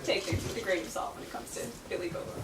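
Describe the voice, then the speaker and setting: Chatty author in an echoey room. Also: female voice, a little high. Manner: chatty, laughs often, many fillers. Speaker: author answering questions. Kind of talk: casual Q&A talk. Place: book event room. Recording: echoey room, distant mic, noisy.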